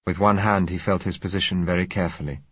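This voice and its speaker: A man narrating a novel in first person, in a measured, reflective way. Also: low voice, steady tone, slightly rough, dry recording, muffled recording. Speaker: audiobook narrator.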